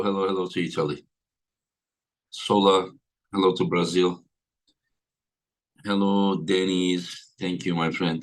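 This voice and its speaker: A tired man hosting a livestream in casual chat, greeting his viewers by name one after another. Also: low voice. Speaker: livestream host.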